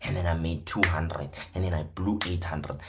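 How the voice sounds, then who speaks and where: A man with a fairly low voice talks casually about his trading days. He swings from quiet, mumbled asides to loud, excited bursts. His stories ramble along with frequent laughs. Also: moderate pace, very noisy. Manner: animated, swings from hushed to loud, laughs often. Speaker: trader and trading mentor. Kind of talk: casual storytelling.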